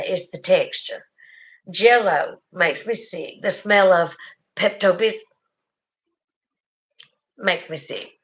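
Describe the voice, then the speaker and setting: A middle-aged woman with a Southern US accent hosting a casual livestream, chatting warmly with viewers and laughing often. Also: medium pitch. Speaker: livestream host.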